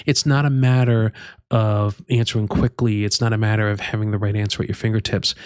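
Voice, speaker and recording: A man presenting career advice in an unhurried, measured way, with frequent fillers and restarts. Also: fairly low pitch, flat delivery, clean tone, no room sound, clean studio sound. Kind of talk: instructional talk to camera.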